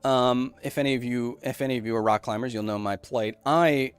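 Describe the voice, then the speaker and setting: A man's voice: medium pitch, steady tone, brisk, smooth, soft background music. A young man hosting a casual science livestream, answering viewer questions in a loose, rambling way that keeps breaking off and restarting. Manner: rambling, self-interrupting, loose explanations. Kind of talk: casual live chat, reading viewer messages.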